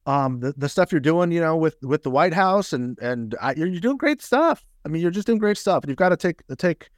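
A man's voice: medium pitch, dry recording, studio quality. A man who is a political consultant, speaking as a podcast guest, earnest and encouraging. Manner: earnest, encouraging, many restarts. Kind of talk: casual interview chat.

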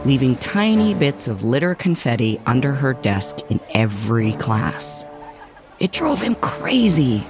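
A man narrating a children's story in an expressive, measured reading. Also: medium pitch.

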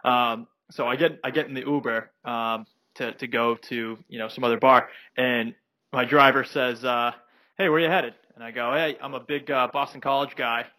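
A man's voice: medium pitch, fairly even intonation, moderate pace, pushed and bright, dry recording. A young man co-hosting a podcast, telling a rambling anecdote full of fillers in casual chat. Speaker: podcast co-host.

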